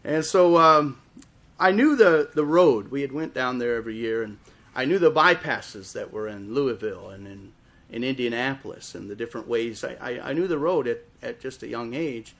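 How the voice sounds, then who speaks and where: A man with a Wisconsin accent preaching a sermon, telling stories and slowing down and rising in volume for emphasis. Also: medium pitch, expressive. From Chicago area, raised in Wisconsin. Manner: storytelling preacher, swells louder and slower for emphasis. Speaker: guest preacher.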